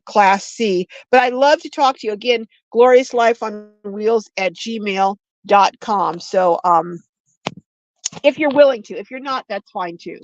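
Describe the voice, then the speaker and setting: A woman's voice: mid-range voice, no echo, lo-fi sound. An older woman hosting a casual livestream, rambling and chatty as she reads out viewer comments, recorded on a phone. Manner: rambling, chatty, frequent restarts and slow drawn-out words. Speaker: livestream host.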